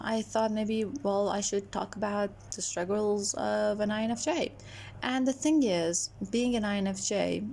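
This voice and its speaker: A young woman vlogs in a chatty, animated way, often stopping for fillers and restarting her sentences. Her voice sits at an ordinary middle pitch. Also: gravelly. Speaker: vlogger. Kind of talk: casual chat to camera.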